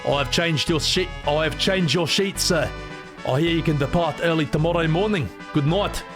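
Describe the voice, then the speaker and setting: A man voicing an inn maid with an exaggerated, deliberately bad South African accent. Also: fairly high pitch, over music, natural voice. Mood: polite.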